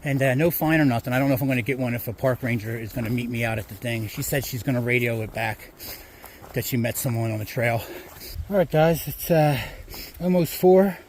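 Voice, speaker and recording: Brief: male hiker vlogger, mid pitch, rambling and chatty, faint outdoor noise behind. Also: fairly quick. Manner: rambling, chatty, many fillers. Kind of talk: casual trail vlog. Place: outdoors on a hiking trail.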